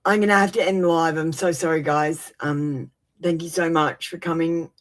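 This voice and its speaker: A woman giving a live-streamed tarot reading on a webcam, flustered and apologetic about her setup before settling into steady predictions. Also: low voice, moderate pace. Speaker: tarot reader.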